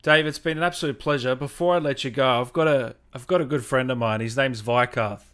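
Bright-voiced, chatty male host. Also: mid-range voice, fairly quick. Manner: upbeat, chatty, reads out viewer names. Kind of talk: livestream chat.

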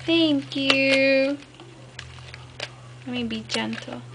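Slow-talking gushing woman vlogger. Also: on the high side, fairly even intonation. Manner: gushing and enthusiastic, many fillers. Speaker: crafting vlogger. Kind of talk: casual unboxing chat. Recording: clear background noise.

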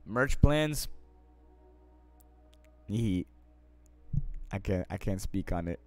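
Speaking very slowly in a lowish voice, a young streamer reads out viewer questions and chats casually. He is slangy and profane, moving between mumbled asides and excited, loud bursts, over soft background music.

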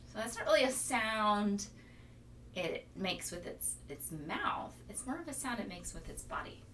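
A woman leading a children's library storytime, talking in an animated sing-song way and imitating animal sounds for the kids. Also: mid-range voice, measured pace, a little hiss or hum.

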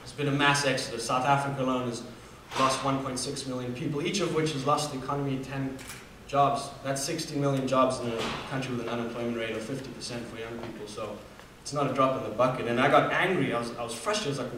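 A man's voice: medium pitch, fairly even intonation, fast, few pauses, noisy background. A young man from Namibia telling a personal story as a student speaker, earnest, with fillers and restarts. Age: 20s. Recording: echoey hall from far off.

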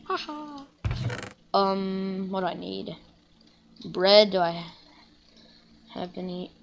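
A woman's voice: medium pitch, slow, creaky, dull audio, a little hiss or hum. Chatty young woman gaming commentator. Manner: chatty, rambling, bursts into excited shouts. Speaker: gaming channel host. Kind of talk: casual gameplay commentary.

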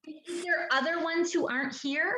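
A psychic medium from British Columbia, Canada, speaks in an extremely high, sharp voice with a steady tone at a moderate pace. The poor, reverberant audio carries her chatty reading over a video call, which is full of "like" and "do you understand that?"

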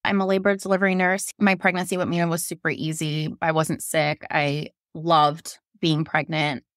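A woman's voice: flat delivery, moderate pace, no echo, studio quality. A woman in her thirties, a nurse, telling her own birth story as a podcast guest, candid and emotional, acting out what she said back then. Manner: emotional, acts out her own quoted lines with rising pitch.

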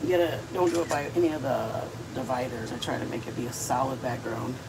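A woman's voice: extremely low pitch, fast talker, heavy background noise. A woman hosting a casual cooking livestream at home, chatting to viewers and explaining each step as she eats. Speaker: cooking channel host.

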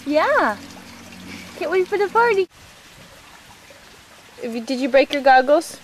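A woman with a high voice talks slowly to her toddler in drawn-out, sing-song baby talk. She is outdoors by a backyard pool, caught on a handheld camcorder. Steady outdoor noise runs under the home video. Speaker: mother filming her toddler.

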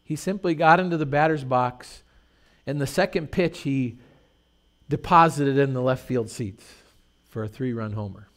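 A man's voice: mid-range voice, moderate pace. A middle-aged male pastor preaching a sermon in a conversational, storytelling way with rhetorical questions.

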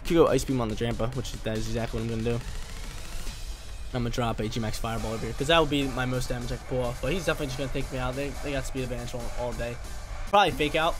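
A man giving casual, excitable commentary over his own video game battle, trash-talking and joking as he plays. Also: mid-range voice, rapid-fire. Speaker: gaming YouTuber. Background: background game music.

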